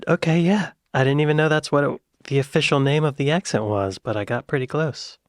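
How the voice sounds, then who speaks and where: American guy reacting to clips, talks his guesses out loud, gets excited, dry close sound. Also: a little high, a little fast, no echo. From United States. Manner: thinks aloud, excitable bursts. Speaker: reaction video host. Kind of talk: casual reaction commentary.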